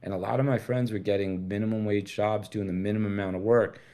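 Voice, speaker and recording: A man's voice: fairly low pitch, fairly even intonation, quick pace, mellow. A middle-aged man from the United States, a guest telling rambling, candid stories in casual chat, swearing freely. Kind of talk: casual storytelling interview.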